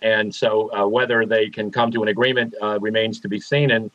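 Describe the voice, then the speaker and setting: A man from Pennsylvania, a guest on a radio interview, explaining things in a measured way with frequent "uh" fillers. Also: on the low side, little pitch movement, fairly bright tone, no room sound, lo-fi sound. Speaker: political analyst guest.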